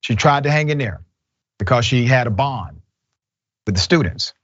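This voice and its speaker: A male talk show host speaks in a direct, emphatic way, pressing his points and calling people out by name. His pitch sits in a middle range. The sound is a bit dull and lo-fi. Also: animated, normal speed, a bit bright.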